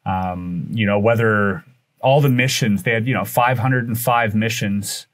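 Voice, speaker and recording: A man who is a guest on a podcast, telling a story in animated fashion, acting out the dialogue and often restarting his sentences. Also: on the low side, unhurried. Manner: acts out dialogue with shifting voices, frequent restarts.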